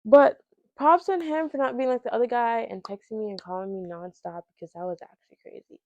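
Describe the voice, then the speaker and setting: A young woman telling a dating story in a casual vlog, sassy and animated as she acts out both sides of the conversation. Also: fairly high pitch, brisk, no echo, dull audio. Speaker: storytelling vlogger.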